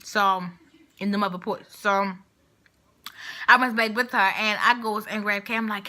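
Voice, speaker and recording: A young woman with a medium-pitched voice talks at normal speed in a casual storytime vlog. She uses slangy language and animatedly acts out the quotes of people in the story.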